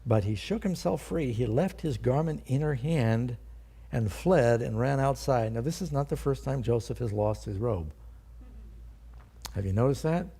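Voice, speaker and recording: A man's voice: mid-range voice, animated, normal speed, gravelly, dark tone, slightly rough. An older man, a pastor, teaching a sermon in a conversational way and asking his listeners questions.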